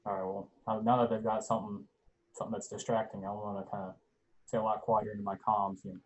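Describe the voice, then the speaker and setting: Low-voiced man playing a tabletop game. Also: little pitch movement, fast talker, dull audio. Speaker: player. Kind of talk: casual tabletop play.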